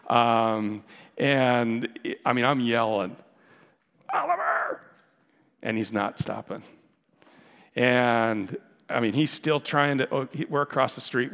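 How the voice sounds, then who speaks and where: A man preaching a sermon as pastor, telling a story with dramatic shifts from loud calls to hushed near-whispers. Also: mid-range voice, in a large hall. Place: church sanctuary.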